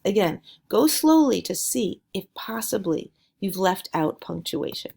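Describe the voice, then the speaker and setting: A woman teaching a writing lesson, speaking slowly and deliberately in an encouraging way. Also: mid-range voice, big pitch swings, gravelly, dark tone, husky. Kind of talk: recorded classroom lesson.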